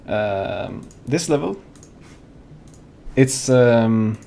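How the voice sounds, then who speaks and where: A man's voice: mid-range voice, expressive, extremely slow, vocal fry, dark tone, slight background noise. A young man co-hosting a live gaming show in casual chat, rambling with lots of fillers and restarts. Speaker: co-host of a fan-made live gaming show.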